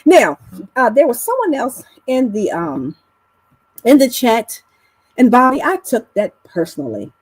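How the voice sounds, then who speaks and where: Woman panelist, slightly high husky voice, teasing and blunt, swings all over in pitch, casual live-chat delivery. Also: a little slow, no room sound, poor audio. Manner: animated with big pitch swings.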